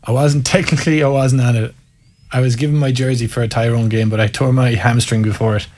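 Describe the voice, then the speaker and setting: A man's voice: mid-range voice, level tone, fairly quick, a little mellow. A man with an Irish accent, a former Gaelic footballer telling wry, candid stories in an interview. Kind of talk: casual storytelling interview.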